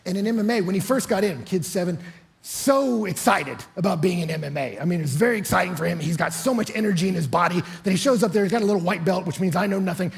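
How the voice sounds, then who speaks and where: A man's voice: high voice, creaky, slightly rough. A middle-aged man preaching a sermon as pastor, telling stories and acting out the voices in them. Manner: animated storytelling, acting out voices with big swings in loudness.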